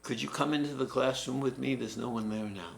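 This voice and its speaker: An older man voicing a rebellious teenage boy who yells to be let go, in a roomy echo. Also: mid-range voice, a little fast, vocal fry, a little hiss or hum, close to an everyday voice. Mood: hushed, secretive. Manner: yelling furiously.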